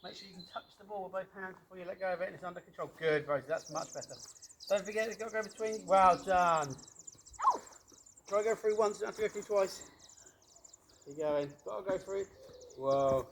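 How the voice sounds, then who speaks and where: An energetic man coaching young children through a ball-handling game on an outdoor pitch. His voice sits a little high, and he keeps the tone encouraging and playful. A faint background noise runs under the recording. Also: a little fast.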